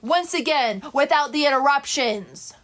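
Woman, very high voice, slow delivery; indignant live streamer who scolds her chat and sings simple made-up tunes. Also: lively intonation, fairly bright tone. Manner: scolding, indignant, sing-song.

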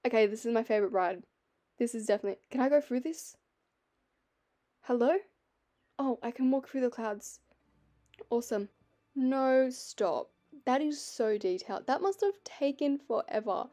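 A young woman vlogger commenting over gameplay, gushing and excitable with frequent gasps. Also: a little high, normal speed. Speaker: gaming vlogger. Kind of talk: game walkthrough commentary. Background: faint background music.

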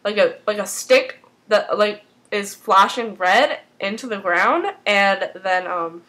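A woman casually recapping a TV episode, rambling and excitable, filling her talk with "like". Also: medium pitch, slow pace, rough recording. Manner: rambling and excitable, heavy use of "like".

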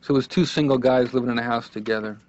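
A man's voice: medium pitch, fairly even intonation, fast, darkish tone, no room sound, close to an everyday voice. Man as a rambling sarcastic comic on the couch, dry close lo-fi sound. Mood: wry. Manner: rambling, sarcastic, jokey asides. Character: wisecracking male comedian patient, young adult. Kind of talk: stand-up style monologue. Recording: dull lo-fi cartoon soundtrack.

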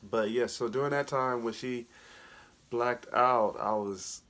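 A man's voice: mid-range voice, measured pace, a bit bright. A husband talking casually and hesitantly with his wife about a past event. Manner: hesitant, with many fillers and restarts. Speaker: husband and co-host. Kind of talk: casual conversation.

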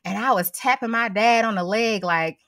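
A woman's voice: medium pitch, moderate pace, a bit bright, no echo, clean studio sound. A woman guest cook talking in a folksy, easygoing way, often calling people honey. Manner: folksy, drawling, says honey a lot. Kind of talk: casual chat on a video call.

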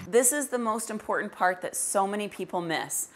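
A woman's voice: medium pitch, moderate pace, hardly any pauses, soft background music. A woman dog trainer explains her method in a direct, emphatic teaching manner and uses everyday comparisons. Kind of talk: instructional explanation.

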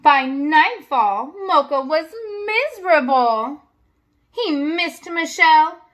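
A woman reads a children's story aloud, unhurried and expressive, with little asides to her listeners. Her voice is high and bright, and it rises and falls a lot. She records herself at home.

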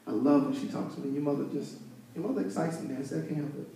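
A pastor preaches in a high voice, fired up and talking straight to his congregation. He is heard from a distance in a very echoey church. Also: steady tone, quick pace, darkish tone. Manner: fired-up, conversational preaching with call-and-response. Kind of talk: sermon. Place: church sanctuary. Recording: echoey room, from far off.

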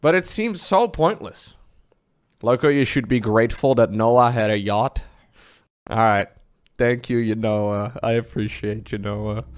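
A man's voice: fairly low pitch, unhurried, clean tone. A man streaming, chatting and reacting to videos, talking things through and repeating himself as he wonders aloud.

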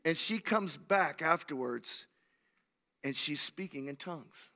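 A man in his sixties, a pastor, preaching a sermon and telling stories in an animated, emphatic way. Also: on the high side, a little slow. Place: church sanctuary. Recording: long church hall reverb.

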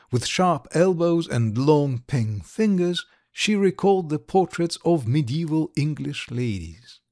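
A man reading a classic short story aloud slowly and clearly for English learners. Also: on the high side, a little mellow, no room sound, studio quality. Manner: slow, deliberate, clear reading. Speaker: narrator.

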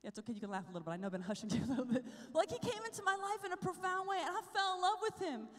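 A young woman giving an animated talk at a youth conference, telling her story, sometimes whispering and sometimes shouting. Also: extremely high pitch, rapid-fire. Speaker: conference speaker. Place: large hall. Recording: long hall reverb.

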